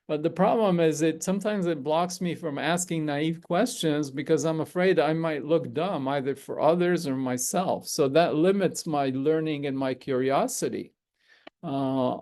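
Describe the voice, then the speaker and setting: A middle-aged man hosting a spiritual gathering, giving a calm, measured teaching talk to a group with frequent pauses and fillers. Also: on the high side, creaky.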